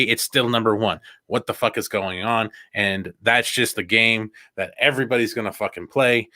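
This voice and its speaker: A man's voice: fairly low pitch, bright, forceful tone, dry recording, studio quality. A man co-hosting a podcast in casual, joking chat, swearing freely and laughing often. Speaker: podcast co-host.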